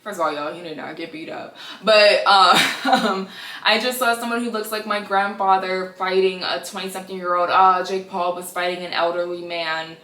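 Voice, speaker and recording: A woman in her twenties hosting a casual gossip podcast, chatty and animated with sassy asides. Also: on the low side, normal speed, recorded from a distance. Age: 20s. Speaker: podcast host. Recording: echoey room, a bit off-mic.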